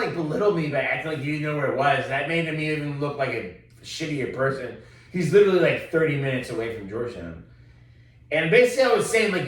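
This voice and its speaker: Texan man, casual profane podcast co-host, lively rants, set back from the mic in a roomy space. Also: mid-range voice. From Texas. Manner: profane, animated storytelling, loud when quoting himself. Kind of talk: casual chat. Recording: roomy echo, distant mic.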